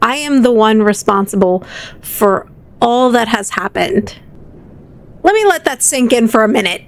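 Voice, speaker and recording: A woman's voice: fairly high pitch, animated, unhurried. A woman hosting gameplay commentary, chatty and theatrical with a self-mocking streak. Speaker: gaming channel host.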